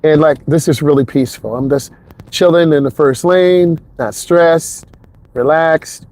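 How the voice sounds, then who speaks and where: While driving on an expressway, a driving instructor chats and rambles casually to the viewer, his voice picked up by a wireless clip-on mic feeding a phone. He speaks unhurriedly, with a slightly mellow voice on the high side.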